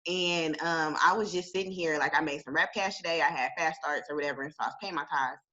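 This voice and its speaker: A woman chatting casually and telling a personal story in a relaxed, easygoing way. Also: low-pitched, quick pace, lo-fi sound. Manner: chatty and relaxed, says "like" a lot, laughs easily. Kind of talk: casual chat.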